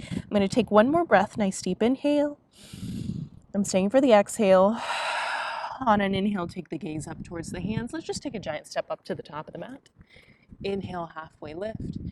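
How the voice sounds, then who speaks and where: Calm woman guiding a yoga flow. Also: medium pitch, heavy background noise. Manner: calm, encouraging cueing of breath and movement. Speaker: yoga instructor. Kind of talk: guided yoga class instruction.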